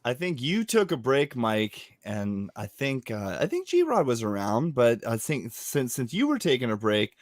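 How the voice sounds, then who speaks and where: A man hosting a podcast, telling stories in animated casual chat and swearing often. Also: mid-range voice, a little slow, few pauses, no room sound, clean studio sound. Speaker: podcast host.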